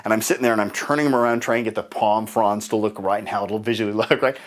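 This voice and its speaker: A man giving a live seminar talk, telling stories and acting out both sides of conversations in a raised, lively voice. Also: fast talker. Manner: animated storyteller acting out dialogue in higher voices. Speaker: seminar speaker and trainer.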